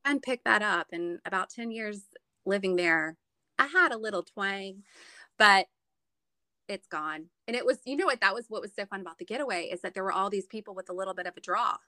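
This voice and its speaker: A woman's voice: medium pitch, expressive, fairly quick, pushed and bright, no echo. A woman from Florida chatting casually and telling stories about her family, with many restarts. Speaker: guest. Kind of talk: casual chat. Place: Northern Virginia.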